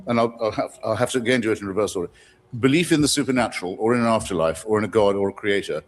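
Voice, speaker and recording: A man speaking eloquently and measuredly in a formal public debate, answering a question. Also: on the low side. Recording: reverberant debate hall.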